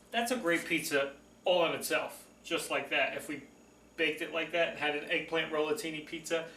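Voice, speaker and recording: A man's voice: a little high, bright, forceful tone, roomy sound, slight background noise. A man hosting a casual cooking demonstration, chatty and folksy, gushing over the food as he works in a kitchen. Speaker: cooking show host.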